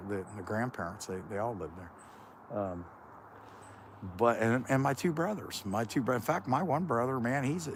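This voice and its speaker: Broadcasting live from open farm fields, a Central Ohio host chats and meanders in what he calls a lazy Kentucky drawl. His voice sits somewhat low. Faint outdoor sounds can be heard behind him.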